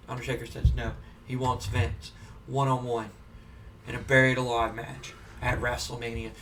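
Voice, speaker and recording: A man giving relaxed, chatty play-by-play of a wrestling simulation game as the host. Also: mid-range voice, moderate pace, distant mic, slight background noise. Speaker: gaming video host. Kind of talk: casual play-by-play commentary of a wrestling sim.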